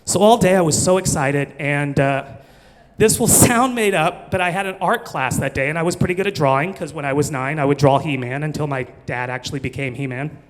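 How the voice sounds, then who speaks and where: A man's voice: fairly high pitch, a little fast. Self-mocking storyteller man in a reverberant hall. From Missouri, USA. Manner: chatty, self-mocking, laughs through his story. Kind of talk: live comedic storytelling.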